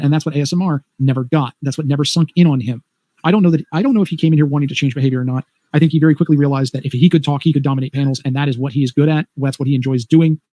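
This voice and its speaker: Rapid-fire ranting man. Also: mid-range voice, mellow, no room sound. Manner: rapid, emphatic ranting with restarts. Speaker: stream panelist. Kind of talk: casual opinionated chat.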